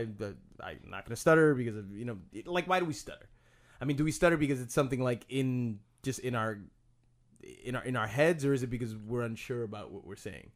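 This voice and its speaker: A man co-hosting a podcast in casual chat, rambling and thoughtful, often restarting his sentences. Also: mid-range voice. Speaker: podcast co-host.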